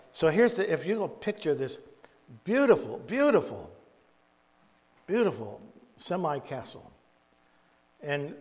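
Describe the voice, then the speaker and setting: A man preaching in a storytelling way, halting and repeating words, with folksy asides. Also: a little high, darkish tone. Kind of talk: storytelling Bible teaching. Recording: long echoey reverb.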